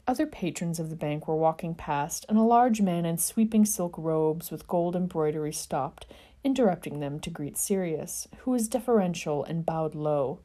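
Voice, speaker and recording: A woman narrating a fan fiction story in an expressive, dramatic reading. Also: low voice, moderate pace.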